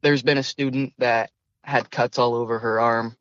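A young man is a guest in an interview, speaking earnestly and a bit hesitantly, with frequent restarts. His pitch is in the middle range for a man, and the recording sounds slightly dull and lo-fi, dry with no room echo. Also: steady tone, moderate pace, a bit bright, clean tone. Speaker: student guest. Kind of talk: conversational interview.

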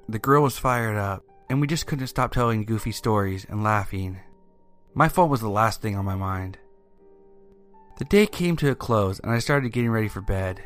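A man narrating a first-person horror story in a steady, even storytelling manner. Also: on the low side. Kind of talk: scripted narration. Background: faint music.

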